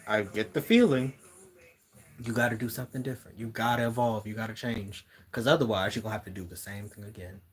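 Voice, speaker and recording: A man with a lowish voice talks through a spiritual card reading for his viewers. He muses aloud, circling back and repeating words while he searches for the message. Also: fairly even intonation, fast, breathy edge. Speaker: tarot reader.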